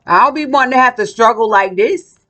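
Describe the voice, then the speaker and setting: A woman's voice: fairly high pitch, brisk, fairly bright tone. A woman vlogger ranting in a casual monologue, blunt, profane and combative.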